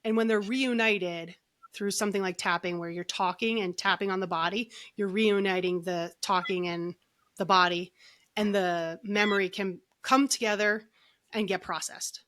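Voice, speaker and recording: A middle-aged woman, a guest on a podcast, telling her story in an animated way and acting out the lines of others. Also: medium pitch, normal speed. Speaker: podcast guest, energy healer.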